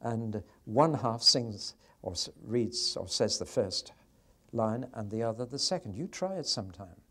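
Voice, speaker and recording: A man giving a lively Bible teaching on poetry, often asking the audience questions and changing his pace. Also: on the low side, a little slow. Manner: expressive, varies pace, asks the audience questions. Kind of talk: sermon-style Bible teaching.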